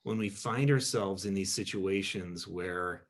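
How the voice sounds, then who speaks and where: A man's voice: deep voice, measured pace. A pastor speaking to his group in a casual teaching talk, rambling and self-deprecating and peppering his stories with "you know". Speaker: pastor leading a group discussion.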